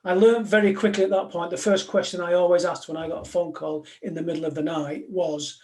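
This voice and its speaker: A man's voice: sits high, flat delivery, a little fast, a little mellow. A man, a former police negotiator, giving a live talk to an audience in a direct, conversational way, full of anecdotes.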